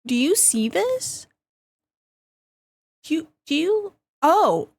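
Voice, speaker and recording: Giggly high-pitched woman streamer. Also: extremely slow, vocal fry. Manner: giggly, excitable, laughs often. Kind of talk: casual live-stream chat.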